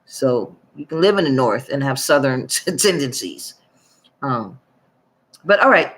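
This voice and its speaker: A woman's voice: extremely low pitch, very animated, measured pace, breathy edge. A woman from the northern United States talks on her own channel, reading population figures aloud in a casual monologue. She wanders a little, trips over words, and corrects herself without fuss. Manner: rambling, with fillers and self-corrections. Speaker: YouTube commentator.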